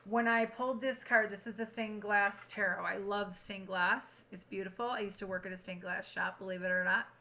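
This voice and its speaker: A woman giving a casual, chatty tarot reading to camera, frank and quick to swear. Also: mid-range voice, steady tone, pushed and bright, poor audio. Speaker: tarot reader.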